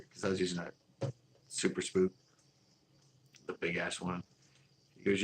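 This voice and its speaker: A man's voice: low voice, fairly even intonation, measured pace, long pauses, fairly bright tone, a little hiss or hum, rough recording. A man casually telling stories from his fishing tournaments, laid-back and often laughing as he acts out other people's lines. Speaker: fishing channel host. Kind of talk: casual storytelling.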